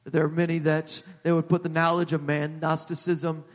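A man preaching a sermon to his congregation in a church, repeating words as he builds and rising in pitch and volume at the high points. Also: little pitch movement, moderate pace. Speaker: pastor. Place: church sanctuary. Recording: long hall reverb.

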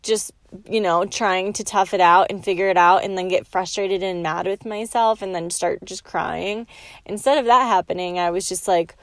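A woman's voice: medium pitch, no room sound. Young woman, podcast host, chatty, lots of fillers, dry close sound. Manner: soft, slow and soothing in the meditation, quietly whispering at times; chatty and animated, with many "like" fillers. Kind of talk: guided relaxation, then casual storytelling.

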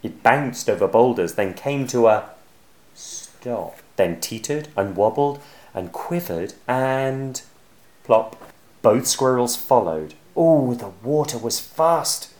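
A man reading a rhyming picture book aloud in an expressive, sing-song manner. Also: medium pitch, slow. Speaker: storyteller.

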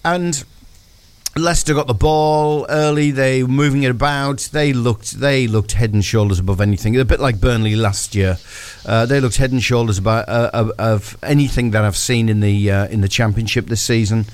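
Animated football pundit. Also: male voice, medium pitch, normal speed, clear, resonant tone, no echo. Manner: storytelling, acts out his own thoughts. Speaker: football pundit on a breakfast show. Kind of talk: animated radio match recap.

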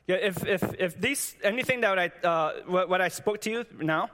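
A man preaching and sharing a testimony, talking in a halting way with many restarts and repeated words, and earnestly urging his listeners on. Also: high-pitched, a bit bright. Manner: earnest and exhortative. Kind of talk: sermon with personal testimony. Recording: long reverb, as in a hall.

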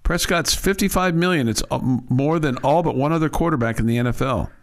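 A man's voice: a little high, brisk. A man co-hosting a sports talk radio show, speaking casually, with frequent restarts and dry sarcasm. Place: radio studio.

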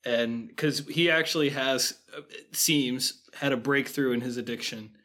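A man in mid pitch talks casually through a movie on a podcast. He thinks aloud as he goes, with restarts and loose fillers. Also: unhurried, sharp tone. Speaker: podcast co-host. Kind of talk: casual film discussion.

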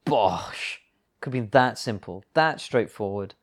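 A man's voice: medium pitch, expressive, moderate pace, a little mellow. Laid-back male guest co-host. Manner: laid-back, banters, swears. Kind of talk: casual film commentary.

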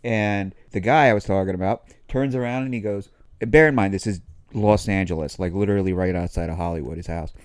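Low-voiced Philly man telling rambling stories. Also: a little fast, smooth, dry recording, studio quality. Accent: Philadelphia. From Philadelphia suburbs. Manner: rambling, laughing storyteller. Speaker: podcast co-host. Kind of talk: casual chat.

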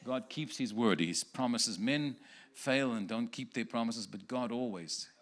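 A man's voice: mid-range voice, measured pace. A man preaching as a guest in a church, giving prophetic words to people in the congregation one by one and joking with them.

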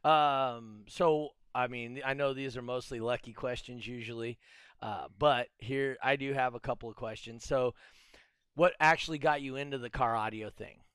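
A man hosting an interview show, talking in a relaxed, joking way over a video call. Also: mid-range voice, normal speed, clean tone, dry recording, studio quality. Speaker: podcast host.

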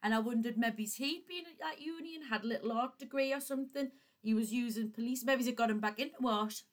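Casting: higher-voiced female co-host, playful and teasing. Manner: teasing, quick to laugh. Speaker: podcast co-host. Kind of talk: casual chat.

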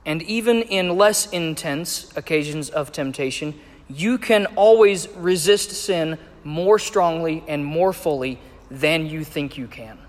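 A man preaching a sermon, measured and emphatic as he reads and explains scripture. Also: fairly high pitch. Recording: echoey hall with long reverb.

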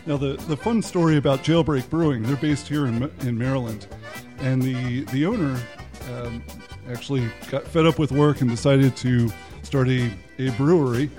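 A man guesting on a podcast as a beer reviewer, telling stories in a relaxed, halting way. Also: mid-range voice, soft background music. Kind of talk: casual chat while tasting beer.

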